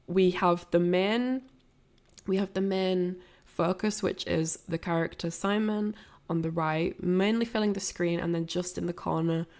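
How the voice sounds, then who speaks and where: A woman giving a casual, rambling film commentary, full of fillers and restarts. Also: fairly low pitch. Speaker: streamer analysing a film.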